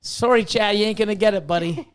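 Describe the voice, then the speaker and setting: Podcast host, male, high voice, jokey and rambling. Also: fast, clear, resonant tone. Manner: joking, laughing, rambling with fillers. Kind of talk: casual podcast chat.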